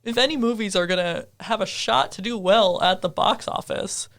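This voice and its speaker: A man co-hosting a gaming podcast, chatting casually with quick quips. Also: high-pitched, fairly bright tone. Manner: quick quips, laughs often. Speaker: podcast co-host. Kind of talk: casual chat.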